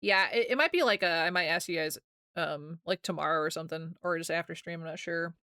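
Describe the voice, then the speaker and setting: A woman's voice: fairly low pitch, brisk, bright, forceful tone, clean tone, dry recording, studio quality. A young American woman streaming live, chatting casually with her viewers, rambling and laughing often as she reads chat aloud.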